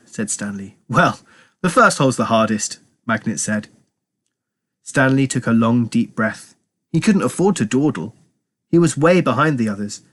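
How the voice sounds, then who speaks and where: A man, a teacher, reading a novel aloud to children in steady, clear storytelling narration. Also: medium pitch. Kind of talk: audiobook read-aloud narration.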